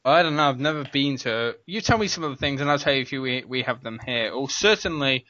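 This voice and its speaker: A man's voice: mid-range voice, animated, fast, sharp tone, no echo. A young British man co-hosting a gaming podcast, chatting loosely and rambling, often laughing. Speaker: podcast co-host. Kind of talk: casual chat. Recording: dull, dry home recording.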